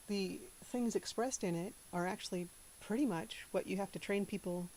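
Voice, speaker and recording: A woman's voice: medium pitch, vocal fry, a little mellow, a little hiss or hum, low-quality recording. A woman from the American South chatting casually to camera, giggling often. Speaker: channel host.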